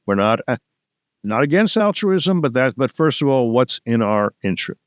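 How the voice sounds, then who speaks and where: Casting: man, mid-pitch, emphatic political guest, dry studio sound. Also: big pitch swings, moderate pace, no echo. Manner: emphatic, acts out quotes with rising pitch. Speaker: guest, policy think tank founder. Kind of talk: interview, political commentary.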